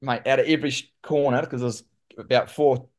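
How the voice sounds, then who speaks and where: A man with a New Zealand accent, a guest telling lively stories in casual conversation and saying "mate" often. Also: medium pitch, fairly quick. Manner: animated, says "mate" often. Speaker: guest, former pro cyclist. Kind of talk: casual storytelling.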